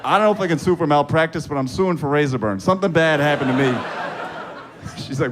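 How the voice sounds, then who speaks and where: Profane stand-up comedian man, live club. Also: fast talker. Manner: profane, deadpan storytelling with squeaky high-voiced punchlines. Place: comedy club stage with laughing audience. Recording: live club recording with audience noise.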